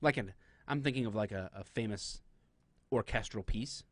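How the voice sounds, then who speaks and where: A man's voice: fairly low pitch, moderate pace, dry recording. A middle-aged man co-hosting a live-streamed podcast, chatting casually and joking around with playful voice shifts. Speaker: podcast co-host.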